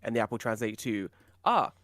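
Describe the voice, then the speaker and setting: A British man co-hosting a podcast, chatting casually and telling animated stories with a lot of swearing. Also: lowish voice, a little fast, dry recording, clean studio sound. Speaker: podcast co-host.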